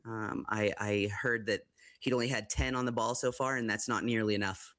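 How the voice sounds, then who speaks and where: Low-voiced hesitant American football pundit. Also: male voice, fairly even intonation, normal speed, a bit bright, no echo. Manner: hesitant, many fillers and restarts. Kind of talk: live football commentary chat.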